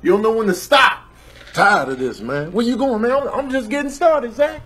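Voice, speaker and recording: A man's voice: extremely high pitch, expressive, moderate pace, a bit bright, breathy edge, exaggerated voice. A man voicing an angry streetwise male cat in a comedic pet video, drawling and calling everyone "man". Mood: fed-up, threatening.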